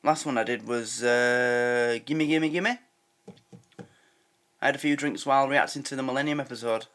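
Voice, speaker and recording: Bright-voiced English reaction host. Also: male voice, medium pitch, normal speed, smooth. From England. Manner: chatty, amused. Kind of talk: casual commentary.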